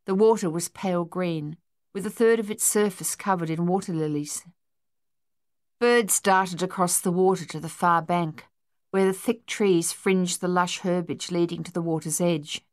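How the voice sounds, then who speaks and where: A woman narrating a novel in steady, even storytelling. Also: on the low side, normal speed, no echo. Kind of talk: audiobook narration.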